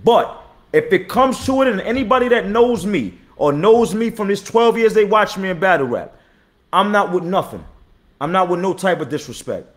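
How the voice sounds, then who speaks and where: Man, 30s, battle rapper, live-stream host, tired, raw profane street talk, a bit high-pitched. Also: animated, normal speed. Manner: blunt, profane street talk, repeats himself, shouts out chat viewers.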